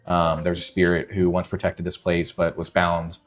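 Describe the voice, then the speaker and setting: A man narrating a tabletop role-playing game as game master. His voice sits on the low side and he pauses often with ums and uhs. Faint background music plays under him. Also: monotone. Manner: hesitant, full of ums and uhs.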